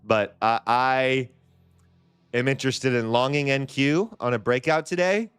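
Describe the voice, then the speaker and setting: A man with a smooth, resonant voice at a middle pitch hosts a live trading stream. His talk is loose and chatty, full of repeated phrases and quick restarts. Faint music plays behind him. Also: fairly bright tone, no echo. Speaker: livestream trading host. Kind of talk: casual live-stream chat.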